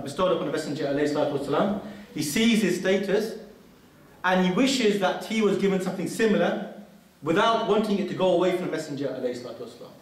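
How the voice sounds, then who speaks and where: Male preacher, slightly high voice, earnest storyteller; heavy hall echo, distant mic. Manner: earnest storytelling with quoted Arabic recitations. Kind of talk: mosque lecture. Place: large mosque hall. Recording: very echoey hall, speaker far from mic.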